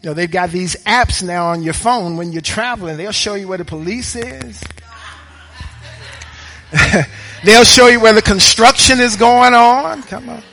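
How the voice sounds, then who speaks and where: A man's voice: high-pitched, a little slow, creaky, long pauses, sharp tone, soft background music. A man preaching a sermon with an emphatic, repetitive cadence, throwing rhetorical questions to the congregation in a church.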